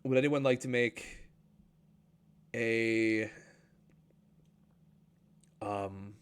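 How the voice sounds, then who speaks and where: A man narrating a tabletop game as game master, halting and filling his pauses with "uh" and "um". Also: medium pitch, fairly even intonation, clean tone. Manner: halting, full of fillers and restarts.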